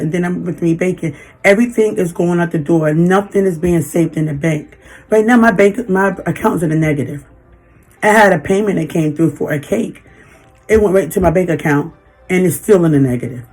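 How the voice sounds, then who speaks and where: A woman in her fifties venting in a personal vlog, halting and emotional, holding back tears. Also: lowish voice, darkish tone. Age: 50s. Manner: emotional, halting, frequent restarts. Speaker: vlogger.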